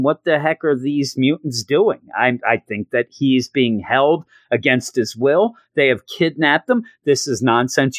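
A man casually recapping a comic book story, animated and slipping into voices for the characters. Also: medium pitch, no room sound. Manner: animated retelling, acts out quotes. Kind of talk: casual review chat.

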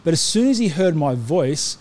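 A man's voice: a little high, big pitch swings, moderate pace, darkish tone. A middle-aged man delivers a sermon in a slightly raised speaking voice. He is earnest and conversational, circling back and restarting phrases with small fillers. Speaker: pastor.

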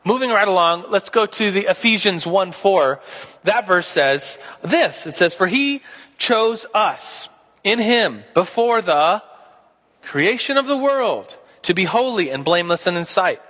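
Animated man teaching in a reverberant hall. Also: high voice, measured pace. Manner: animated, playful, voices both sides of a debate. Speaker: Sunday school teacher. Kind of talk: casual teaching talk.

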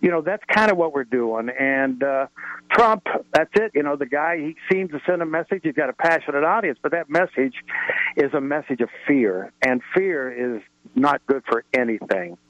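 Earnest rambling radio caller. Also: male voice, a little high, moderate pace, fairly bright tone, no room sound. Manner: earnest, rambling with many fillers. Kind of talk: call-in radio talk. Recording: dull lo-fi radio sound.

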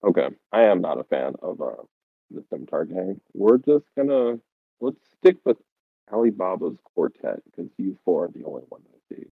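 A very deep-voiced man playing his character in a tabletop game and giving orders in a dry, commanding manner. The sound is thin and tinny, like a phone line. It is dry, with no room sound. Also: big pitch swings, normal speed, gravelly, husky, dry recording. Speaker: player.

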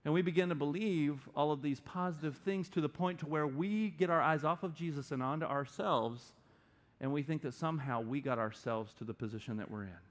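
A middle-aged man preaching a sermon as pastor, animated and playful, slipping into quick put-on voices. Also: fairly high pitch.

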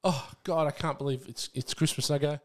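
A man's voice: fairly high pitch, brisk. A man co-hosting a podcast, telling a story in casual chat, and acting out the other people's voices as he goes. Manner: animated storyteller, acts out quoted voices. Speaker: podcast co-host.

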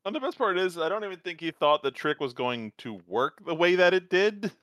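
A man co-hosting a casual chat, excited and laughing as he jumps in with quick remarks. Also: high-pitched, no echo, studio quality. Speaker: podcast co-host reacting to an anime episode.

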